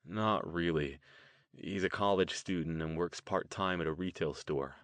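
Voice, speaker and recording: Fields: Figure: young American man voiced by a man. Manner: casual, informal, a bit uneasy. Pitch: low. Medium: audiobook. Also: unhurried, no echo.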